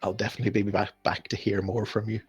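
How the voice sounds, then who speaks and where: A man voicing a large, earnest half-orc who speaks sincerely in a slow, halting way. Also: on the low side, level tone, slightly rough, no room sound, faint music behind.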